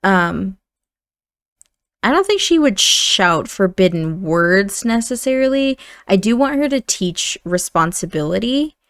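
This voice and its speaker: A woman's voice: medium pitch, very animated, a little slow, fairly bright tone, dry recording, studio quality. Chatty woman narrating a life-sim game. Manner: chatty, rambling with fillers. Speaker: gaming channel host. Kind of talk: casual let's-play narration.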